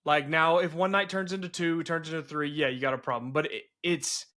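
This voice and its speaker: A man talks through a family story in a casual podcast chat. He restarts his sentences often and stays earnest. His voice sits a little high and sounds bright and forward. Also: fairly even intonation, brisk. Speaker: podcast host. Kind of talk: casual conversation.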